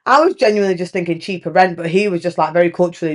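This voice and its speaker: A woman's voice: lowish voice, rapid-fire, few pauses. A woman, hosting a podcast in a frank, chatty confessional monologue full of fillers and casual swearing. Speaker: podcast host.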